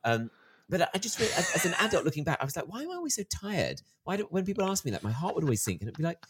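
A man in his thirties, an author being interviewed, telling stories in a lively way and acting out the voices of the people he quotes. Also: on the high side, rapid-fire, slight background noise. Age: 30s. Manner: animated storyteller, acts out quoted voices. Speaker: author guest. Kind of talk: interview conversation.

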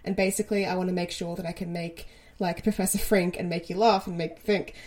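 A woman's voice: fairly low pitch, little pitch movement, fast, darkish tone, slight background noise. A woman co-hosting a podcast, speaking earnestly in casual chat, laughing often and swearing now and then. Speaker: podcast co-host.

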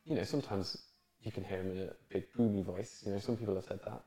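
A man co-hosting a podcast, chatting casually and warmly affirming his guest. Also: on the low side, steady tone, fast. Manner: warm affirming listener, lots of "yeah". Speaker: podcast co-host. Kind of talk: casual chat. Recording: echoey room.

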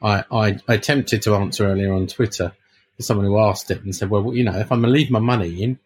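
A man's voice: lowish voice, steady tone, fast talker, a little mellow, breathy edge. A man co-hosting a casual football podcast, stammering and restarting as he explains a point. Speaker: podcast co-host. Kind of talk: casual chat.

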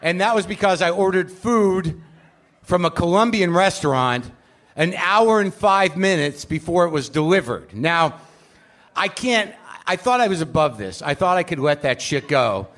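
A man with a somewhat raised pitch hosts a live show from a stage. He delivers a rambling comic monologue, mocking himself and swearing freely as he goes. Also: lively intonation, moderate pace, fairly bright tone. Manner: rambling, self-deprecating, profane rant. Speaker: podcast host.

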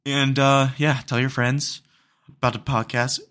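A man's voice: mid-range voice, little pitch movement, a little slow, a bit bright, clean tone. A man hosting a solo podcast, ranting in an exasperated, rambling way with frequent fillers. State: hiccups. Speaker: podcast host.

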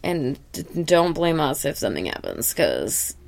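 A woman's voice: sits low, sing-song, unhurried. A woman co-hosting a podcast, casually chatting and acting out characters' lines in funny voices. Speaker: podcast co-host. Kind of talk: casual chat recapping a cartoon episode.

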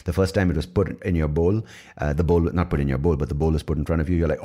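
A man's voice: extremely low pitch, fairly even intonation, fast talker, mellow. A young man hosting a casual solo podcast, rambling and irreverent and swearing often. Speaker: podcast host.

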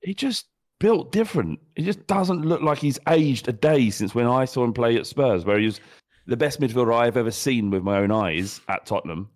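A man co-hosting a football podcast, blunt and sweary in animated banter with his mate. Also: mid-range voice, moderate pace. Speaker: podcast co-host. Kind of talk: casual football chat.

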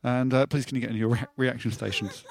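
A man's voice: medium pitch, fast, vocal fry. A man hosting a comedy music show, running a silly game with playful, laughing banter. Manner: playful, laughing, excitable quizmaster.

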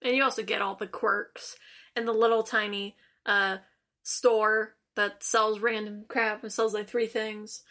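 A young woman co-hosting a casual podcast, musing in relaxed, rambling asides. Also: mid-range voice, a little slow. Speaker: podcast co-host. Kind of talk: casual chat.

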